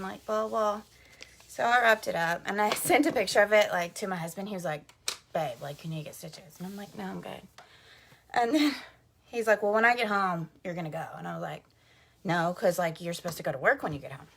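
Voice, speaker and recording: A woman's voice: medium pitch, lively intonation, normal speed, a bit bright. A woman, chatting casually to camera at home as a mother vlogging, laughing and full of "like". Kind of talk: casual vlog chat to camera. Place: at home, indoors.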